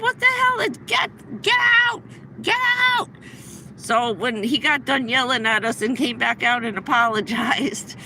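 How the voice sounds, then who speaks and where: A woman's voice: on the high side, sharp tone, a little hiss or hum, rough recording. A middle-aged woman hosting a livestream, telling a long, rambling anecdote with many restarts in a casual way. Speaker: livestream host. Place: inside a vehicle.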